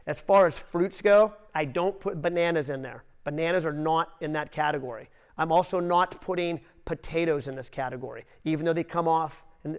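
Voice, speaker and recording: A man leading a nutrition seminar, talking straight to the group with direct coaching and quick asides. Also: fairly high pitch, clean tone. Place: seminar room.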